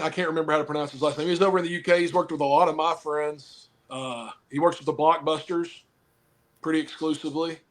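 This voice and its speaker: A man with a slightly high voice, who wrestles professionally and also coaches football, chats casually on a podcast. He rambles and jokes while handing out blunt advice.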